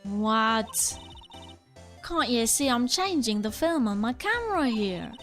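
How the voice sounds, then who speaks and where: Brash Southern photographer gal, high and drawling, put on by a woman reading a game, faint music behind. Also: very animated, takes it slowly, a bit bright, heavily acted. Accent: put-on American Southern. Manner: drawling, boastful. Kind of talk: reading game dialogue aloud.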